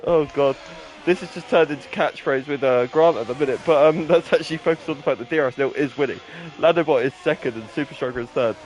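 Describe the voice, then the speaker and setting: A man's voice: on the high side, fast talker. A man commentating a sim racing league stream in a chatty, joking way. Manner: chatty, laughing, banter. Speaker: race commentator.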